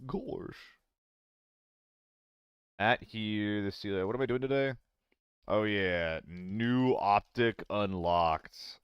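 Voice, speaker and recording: Smooth-voiced young male game streamer. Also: lowish voice, slow pace, long pauses, no room sound, muffled recording. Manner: chatty, self-deprecating, swears casually. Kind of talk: casual live-stream chat.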